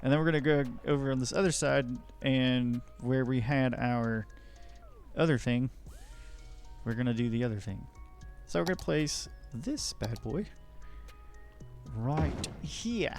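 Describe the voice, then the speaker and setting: A man's voice: medium pitch, unhurried, gravelly, darkish tone, faint music behind. A man giving rambling, jokey, self-deprecating commentary while playing a city-building game. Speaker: let's play host. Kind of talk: casual gameplay commentary.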